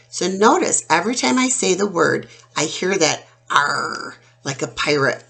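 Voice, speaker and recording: A woman teaching a phonics lesson to young children, sounding out words slowly and clearly. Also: fairly low pitch, sing-song, sharp tone.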